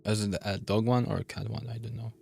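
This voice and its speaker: A young man with a delivery, commentating a game and reading its text aloud, thinking out loud and laughing often. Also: on the low side, level tone, fast talker. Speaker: gaming YouTuber. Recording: gravelly voice over faint game ambience.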